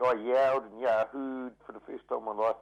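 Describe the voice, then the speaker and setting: A man's voice: mid-range voice, steady tone, fairly quick, gravelly. A man with a New Zealand accent calls into talkback radio, sounding hearty and enthusiastic. The line is dull and muffled. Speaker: radio caller. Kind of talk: casual phone call.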